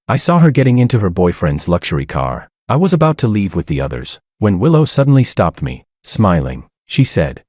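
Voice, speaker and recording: Deep-voiced man narrating a love story. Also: darkish tone, no echo, clean studio sound. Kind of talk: scripted first-person narration.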